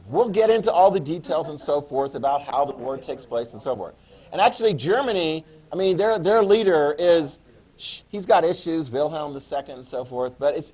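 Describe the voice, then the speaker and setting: A man's voice: a little high, a little mellow, breathy edge, low-quality recording. A male history teacher giving a class lecture, joking and making chatty asides to his students.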